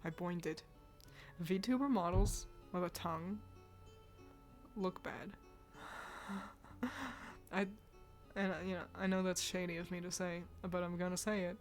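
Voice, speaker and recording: A woman's voice: fairly low pitch, fairly even intonation, measured pace, long pauses, faint music behind. A woman streaming live, chatting casually about games while sick and congested, laughing often.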